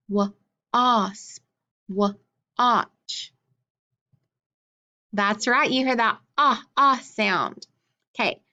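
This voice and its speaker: Lady teaching kids phonics, slow and clear, mid pitch voice, kinda muffled recording. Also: a bit bright. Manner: slow, clearly sounding out words, encouraging. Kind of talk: phonics lesson for young children.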